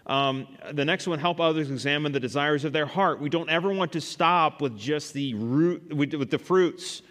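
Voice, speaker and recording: A man's voice: a little high, normal speed, a bit bright. Guy leading a bible study, chatty, lots of uh and right?, long hall reverb. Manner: conversational, asks the class questions, many fillers. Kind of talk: church class teaching.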